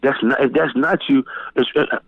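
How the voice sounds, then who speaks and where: A man's voice: moderate pace, husky, dry recording. Man, middle-aged, fired-up storyteller, cusses freely, tinny phone line, dry sound. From Florida. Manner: animated, profane, jumps high when quoting people. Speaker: guest DJ. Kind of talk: casual storytelling interview.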